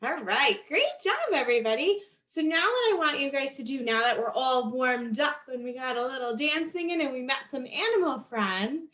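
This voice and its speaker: A woman's voice: sits high, expressive, normal speed, few pauses, fairly bright tone. A woman leading young children through animal stretches, upbeat and encouraging with a sing-song way of talking. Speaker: children's yoga and storytime instructor. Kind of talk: guided kids' stretching lesson. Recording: echoey room, voice a bit far from the mic.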